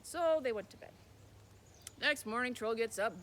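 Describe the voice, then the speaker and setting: A man telling a folk tale as a storyteller, animated, with sound words. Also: sits high, brisk, slight background noise.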